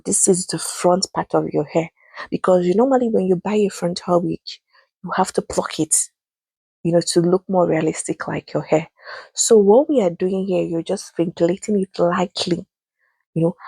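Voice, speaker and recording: A woman's voice: on the low side, warm tone, slightly rough, no room sound. A young woman with a Nigerian English accent talking through a wig-making tutorial, patient and emphatic, repeating her instructions. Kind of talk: voice-over tutorial.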